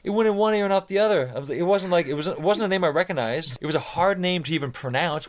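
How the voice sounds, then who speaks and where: His voice is high and rapid-fire, with hardly a pause. As a musician guesting on a podcast, he tells casual stories with animated energy, performing people's quotes, using "like" often, and swearing from time to time.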